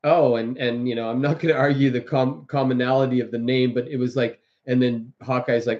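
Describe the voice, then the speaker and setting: Brisk and with few pauses, a livestream host in a medium-pitched, fairly even voice rambles through political commentary, restarting a lot and sending up others with exaggerated quoted voices. The lo-fi recording is dull.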